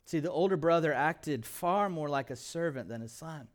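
A man with a notably high voice delivers a sermon as pastor. He presses his listeners with rhetorical questions and swings between emphatic lines and quiet, hushed ones. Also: animated, normal speed.

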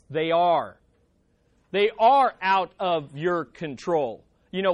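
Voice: mid-range voice, no echo. A pastor preaching a sermon on a psalm, emphatic, repeating key phrases and calling for amens.

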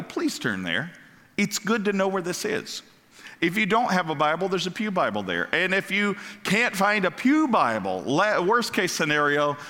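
A man preaching a sermon as pastor, animated and asking the congregation questions. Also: on the high side. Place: church sanctuary. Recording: long hall reverb.

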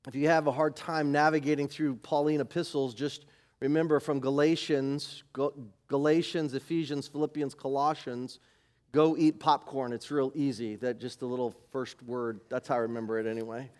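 A man preaching a sermon as pastor, animated, moving from loud emphasis to quiet asides. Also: mid-range voice, normal speed. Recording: live church service.

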